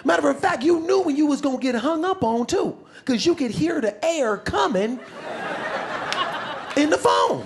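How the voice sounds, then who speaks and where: Male stand-up comic, very high-pitched and lively, audible room noise behind him. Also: moderate pace, creaky. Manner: animated, shouting punchlines, acting out quoted voices. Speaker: stand-up comedian. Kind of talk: stand-up routine. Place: comedy stage, indoors.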